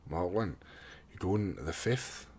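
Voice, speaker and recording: Speaking as an interview guest, a young professional boxer recounts his life bluntly, cursing freely, tripping over and repeating words, and voicing the lines of those around him. His voice is fairly low, husky and a little mellow, with lively intonation at a moderate pace.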